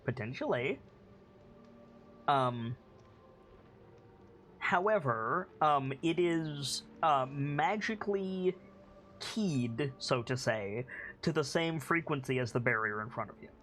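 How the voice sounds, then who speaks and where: A man's voice: on the high side, animated, slow pace, long pauses, fairly bright tone. A man narrating and running a tabletop game as game master, casual and hesitant with fillers.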